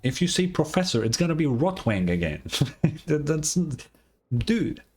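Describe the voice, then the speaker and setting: A man's voice: fairly high pitch, sing-song, a little slow, darkish tone, slightly rough, faint music behind. A man streaming a game, reacting bluntly with swearing and laughter. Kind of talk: casual game commentary.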